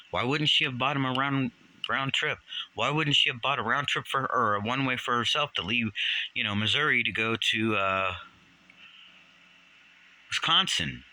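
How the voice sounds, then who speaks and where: Older guy ranting on his channel, fired up, sharp bright tone, pitch shooting up when he's mad. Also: moderate pace, pauses often, poor audio. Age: 60s. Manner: animated, indignant, jumps up in pitch when outraged. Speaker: channel host. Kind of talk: ranting commentary vlog.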